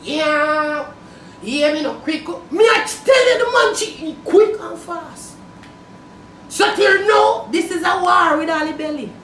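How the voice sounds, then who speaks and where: A Jamaican woman with a very high voice rants loudly in a comedy skit, shouting and swearing freely. She sounds roomy and echoey, a little away from the mic. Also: animated, slow pace, far from the mic, slight background noise. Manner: loud, shouting, profane.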